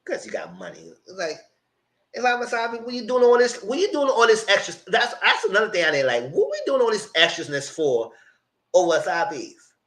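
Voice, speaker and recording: A man with a high, swooping voice that jumps all over its range recaps reality TV live. He is blunt and profane and laughs often as he talks. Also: sing-song, brisk, fairly bright tone. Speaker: channel host reviewing reality TV. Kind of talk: casual live recap commentary.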